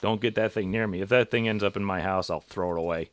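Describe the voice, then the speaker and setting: A man's voice: fairly low pitch, fast, dry recording. A man hosting a podcast in casual chat, joking and rambling with his co-hosts. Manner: joking, rambling, self-deprecating. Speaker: podcast host.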